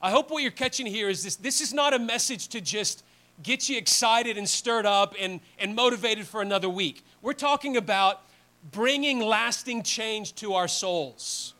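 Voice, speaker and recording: A man's voice: sits high, moderate pace, pushed and bright. A man preaching a sermon in a conversational, earnest way, often restarting phrases. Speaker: pastor.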